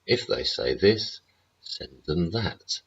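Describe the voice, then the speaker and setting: A British man with an extremely deep, husky voice rants about politics on his livestream, blunt and full of swearing. He keeps checking in with rhetorical tags. The audio is dull and lo-fi, like a cheap stream mic. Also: expressive, slow pace, a bit bright. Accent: British English. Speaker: livestream host.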